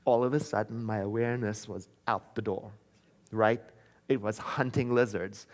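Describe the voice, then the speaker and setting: A man from South Africa giving a sermon in a church, telling a personal story in a conversational way and slowing into soft, chanted affirmations. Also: fairly low pitch, steady tone. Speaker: minister. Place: church sanctuary.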